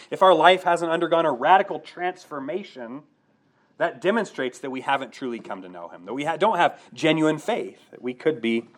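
An earnest man delivers a sermon, pressing his points with rhetorical questions. His voice sits a little higher than most men's. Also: a bit bright. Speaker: pastor.

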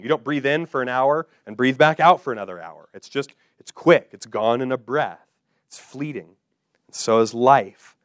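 A male pastor preaching a sermon, speaking directly to his listeners with questions and slowing down to repeat key phrases with emphasis. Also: mid-range voice, no echo, clean studio sound. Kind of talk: expository sermon.

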